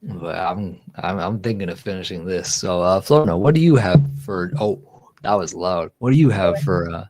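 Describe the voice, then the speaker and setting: Low-voiced tipsy man chatting on stream. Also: lively intonation, normal speed, music in the background. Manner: rambling, joking, laughs often. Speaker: livestream host. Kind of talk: casual chat.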